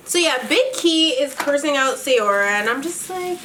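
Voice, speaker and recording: Brief: woman vlogger, slightly high voice, sassy profane gossip recap while doing makeup at home. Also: big pitch swings, a little fast, few pauses, a bit bright, slight background noise. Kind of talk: casual makeup-tutorial chat.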